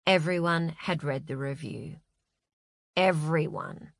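A woman narrating a novel with wry, expressive storytelling. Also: mid-range voice, slow, no room sound, clean studio sound. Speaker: audiobook narrator. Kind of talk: scripted narration.

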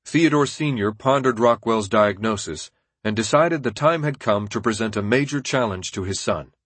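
Husky male audiobook narrator. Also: fairly low pitch, no room sound. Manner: steady, measured reading.

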